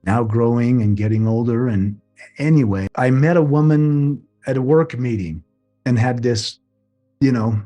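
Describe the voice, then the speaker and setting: A man's voice: medium pitch, warm tone. Earnest middle-aged man telling his story. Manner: earnest, acts out remembered dialogue. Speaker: interview guest. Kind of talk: personal storytelling.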